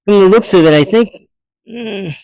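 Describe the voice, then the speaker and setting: A man working as a hot rod mechanic in his garage, talking bluntly and loudly in a casual vlog while wearing a headset. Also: sits high, moderate pace, dry recording, highs cut off. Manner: blunt, direct and talks loud. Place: car garage. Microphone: headset mic.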